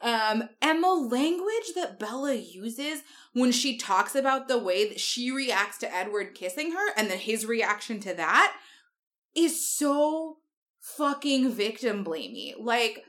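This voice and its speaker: A woman's voice: fairly high pitch, sing-song, slow, fairly bright tone. A young woman co-hosting a podcast, retelling a book plot in sarcastic, swear-heavy casual chat. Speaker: podcast co-host.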